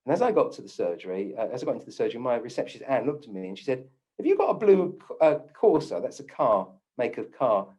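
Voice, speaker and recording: A man's voice: medium pitch, lively intonation, fast, slightly rough. A man giving a talk, telling a personal story and acting out the voices he quotes, with frequent ums and restarts.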